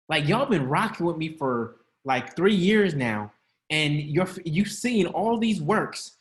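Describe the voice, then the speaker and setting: A man's voice: fairly high pitch, animated, normal speed. A man preaching a sermon to an online congregation, talking in a conversational way, laughing often and calling out to his listeners. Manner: conversational, laughing, calls out to the audience.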